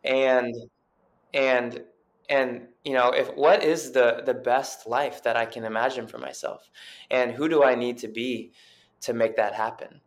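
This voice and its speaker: A man's voice: medium pitch, fairly even intonation, a little slow. A young adult man telling his story as an interview guest, in an earnest, rambling way full of fillers and restarts. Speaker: guest chiropractor and coach.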